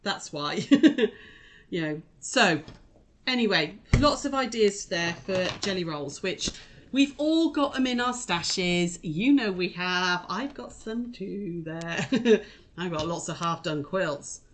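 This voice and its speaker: A woman's voice: lowish voice, lively intonation, slow, slight background noise. A woman hosting a casual live quilting demonstration, chatty and rambling as she talks straight to her viewers. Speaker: quilting shop host.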